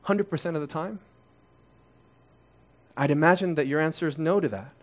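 A man's voice: fairly high pitch, moderate pace. A man in his thirties, originally from Korea, preaching a conversational sermon full of rhetorical questions. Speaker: pastor.

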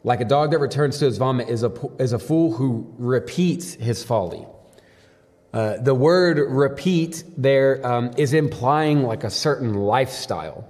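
A man's voice: mid-range voice, a little slow, darkish tone. A young man giving a devotional sermon as a pastor, talking casually and telling stories with many fillers. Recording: long hall reverb.

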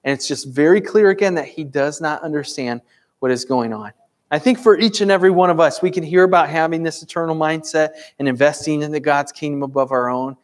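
A man's voice: on the high side, fairly quick. Earnest man preaching a sermon. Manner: earnest, conversational preaching with rhetorical questions. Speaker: pastor. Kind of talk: sermon with prayer. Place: church.

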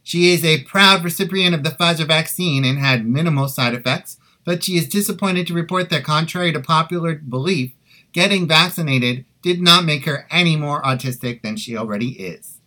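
Bright-voiced man hosting a podcast. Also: fairly high pitch, normal speed. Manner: wry, joking asides. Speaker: podcast host. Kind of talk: casual chat. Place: in-person studio room. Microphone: budget desktop USB microphone.

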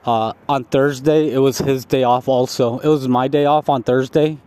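A young man, high as he talks, tells a long, rambling story full of "like" and swearing. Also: fairly even intonation, normal speed, a little mellow, smooth. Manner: repetitive, profane, full of "like" fillers. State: stoned.

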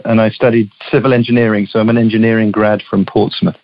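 A man's voice: on the low side, little pitch movement, quick pace, no room sound, highs cut off. English man telling his story. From southeast England. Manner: chatty storyteller with small restarts. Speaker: guest, company CEO. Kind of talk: casual interview chat.

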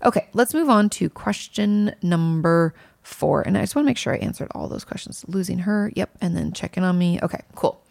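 A woman's voice: on the low side, a little fast, vocal fry, few pauses, a little mellow, dry recording. A woman in her thirties casually answering viewer questions, earnest and emphatic, with lots of fillers. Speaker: mental health creator answering viewer questions. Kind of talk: casual Q&A monologue.

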